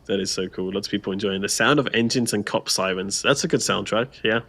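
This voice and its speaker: A man's voice: lowish voice, quick pace, bright, forceful tone. A man co-hosting a casual gameplay livestream, chatting, laughing often and reading out viewer comments. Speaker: stream co-host.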